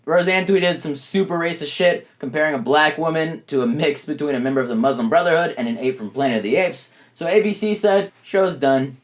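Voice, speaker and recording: A man hosting a satirical news show, ranting in a loud, mocking, profane way. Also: fairly high pitch. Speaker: comedy news host.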